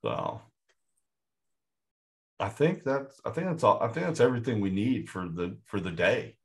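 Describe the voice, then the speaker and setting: A man co-hosting a movie podcast in casual chat, excitable and rambling with frequent restarts. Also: lowish voice, moderate pace, vocal fry. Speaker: podcast co-host.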